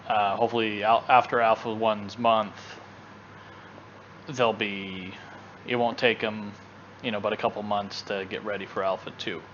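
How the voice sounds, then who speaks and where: A man with a fairly low voice co-hosts a gaming show in loose, casual chat. He rambles and restarts his sentences often. The recording is dull and lo-fi. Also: level tone, normal speed, a bit bright, a little hiss or hum. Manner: rambling, with many fillers and restarts. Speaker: gaming channel co-host.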